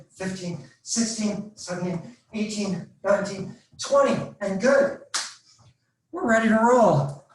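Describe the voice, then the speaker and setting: Man, fitness instructor, live video-call workout class, counts reps aloud, slow deliberate delivery, echoey room sound. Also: sits high. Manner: counts reps aloud and gives step-by-step cues. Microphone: video call computer mic. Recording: roomy echo.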